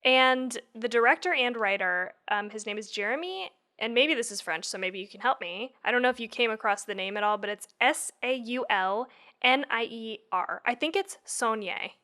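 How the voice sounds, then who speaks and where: A woman's voice: a little high, normal speed, pushed and bright. A woman co-hosting a podcast, chatting casually and laughing often, sometimes unsure how to say names. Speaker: podcast co-host. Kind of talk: casual chat.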